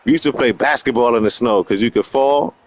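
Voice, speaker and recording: A man's voice: medium pitch, a little fast. A man hosting a casual live stream, bantering playfully with viewers while he plays a boxing video game. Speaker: gaming streamer.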